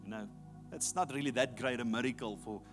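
A man voicing a skeptical male professor who brushes things off in a low, offhand mumble. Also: brisk, over music, close to an everyday voice. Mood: dismissive.

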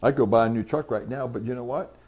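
A middle-aged man gives a folksy sermon full of homespun stories. His voice sits at a medium pitch. He keeps slipping into the voices of the people he talks about, and at times he rises into loud, high-pitched pleading before easing back down. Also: fast talker. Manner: conversational storytelling, voicing other people in dialogue; swings to loud, high, pleading outbursts for emphasis. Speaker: pastor.

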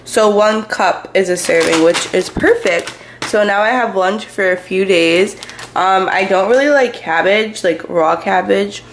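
A woman's voice: medium pitch, a little slow, slight background noise. A young woman in her twenties vlogging casually at home, talking through her lunch prep in a chatty, rambling way. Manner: chatty, rambling, explains as she goes. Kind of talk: casual kitchen chat.

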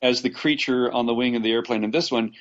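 A man's voice: medium pitch, fairly even intonation, quick pace. Man from los angeles, actor guest, rambling anecdotes, slightly dull lo-fi sound. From Los Angeles, USA. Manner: rambling, many restarts and fillers, laughs often. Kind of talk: casual interview storytelling.

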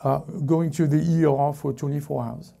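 A man preaching a sermon as pastor to a congregation in church, halting and often correcting himself mid-sentence. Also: a little high, fairly even intonation, vocal fry, mellow. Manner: halting, self-correcting preaching with many restarts. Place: church service before a congregation.

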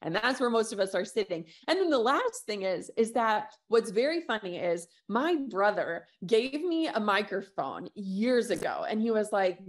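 A woman guest on an interview show, talking casually and telling animated stories with quoted asides. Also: a little high, moderate pace, few pauses. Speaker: podcast host and guest.

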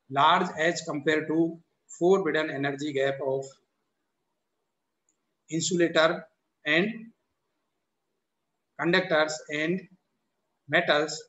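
Indian guy lecturing slow, keeps restarting, kinda high voice, roomy echo. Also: a bit bright. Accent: Indian English. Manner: halting, repeats itself, frequent "so the" and "or we can say" restarts. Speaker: university lecturer. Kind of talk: recorded classroom lecture.

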